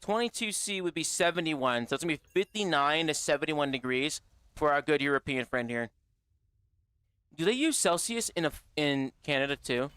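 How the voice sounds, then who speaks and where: Young male streamer, loose and profane banter, bright tone, dry close mic. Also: fairly high pitch, moderate pace, clean tone, no room sound. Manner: animated, profane, slangy banter with chat. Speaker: gaming livestreamer. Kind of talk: casual stream chat with viewers.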